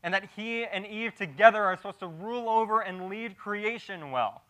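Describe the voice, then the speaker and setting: Bright-voiced male preacher, hushed to emphatic. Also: high-pitched, moderate pace, rough recording. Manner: swings between hushed gravity and loud animated emphasis; frequent restarts and repeated words when improvising. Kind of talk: expository sermon.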